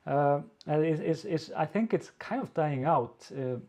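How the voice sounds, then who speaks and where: A man with an Icelandic accent, hosting a casual video-call Q&A as an editor, talking haltingly with many fillers and restarts. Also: a little high, lively intonation, darkish tone. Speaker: editor-in-chief, co-host.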